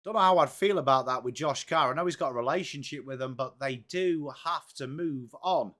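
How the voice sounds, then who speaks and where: A man's voice: medium pitch, brisk, a bit bright. An English man hosting a live football watchalong stream, chatting casually and greeting viewers by name in an upbeat way. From England. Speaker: livestream host of a football watchalong.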